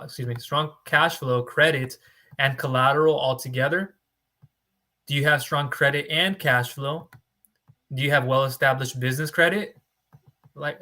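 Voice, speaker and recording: Bright-voiced blunt male funding broker. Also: a little high. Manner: blunt, lecturing tough-love delivery with rhetorical questions. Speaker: small business funding broker. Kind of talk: direct-to-camera advice talk.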